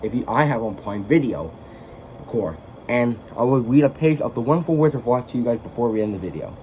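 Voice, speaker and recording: A man talks through a casual film-review vlog, rambling and often stopping to correct himself. His voice is mellow and sits at an average pitch. A faint background hiss runs underneath. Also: animated, low-quality recording. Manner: rambling, halting, self-correcting. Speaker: vlogger, film fan.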